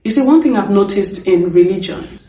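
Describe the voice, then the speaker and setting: A woman's voice: mid-range voice, animated, moderate pace, dark tone. Woman giving her firm opinions, kinda far from the mic, roomy echo. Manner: firm, emphatic, repeats points for stress. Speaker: commentary host. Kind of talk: opinion commentary. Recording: echoey room, distant from mic.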